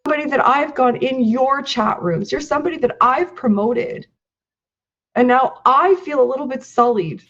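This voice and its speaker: A woman's voice: high-pitched, normal speed, fairly bright tone. A hurt woman speaking near tears, pleading with someone she once promoted on her podcast. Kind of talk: emotional personal address. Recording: dull lo-fi clip audio.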